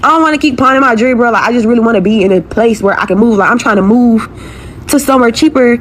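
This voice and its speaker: A young woman with a higher voice talks rapid-fire over a faint hiss or hum, venting a profane, exasperated rant to her followers. In this viral clip she repeats herself while describing her struggles.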